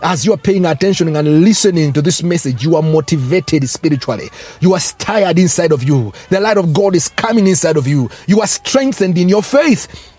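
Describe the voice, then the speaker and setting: A man's voice: fairly high pitch, darkish tone, breathy edge. A man preaching a fervent sermon, breaking into tongues and rising exclamations.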